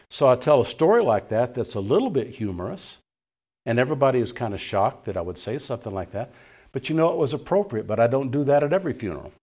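Middle aged pastor guy preaching, folksy storytelling, mid pitch voice. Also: darkish tone. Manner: folksy anecdotal preaching, acts out dialogue. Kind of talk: sermon with storytelling.

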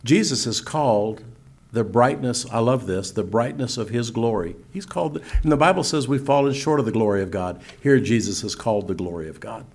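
An older man preaching and teaching, reading scripture slowly and solemnly between folksy asides. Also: medium pitch, lively intonation, a little mellow. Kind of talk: sermon-style teaching.

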